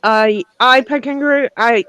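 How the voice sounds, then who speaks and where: A woman's voice: fairly high pitch, normal speed, fairly bright tone, smooth, no room sound, rough recording. A woman chatting in a casual livestream, dry and matter-of-fact.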